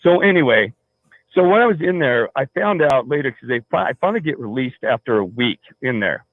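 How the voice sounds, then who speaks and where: A man's voice: mid-range voice, animated, fairly quick. A man calling into a talk show, telling a long personal story in a rambling way, full of restarts and fillers. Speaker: caller. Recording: tinny phone line.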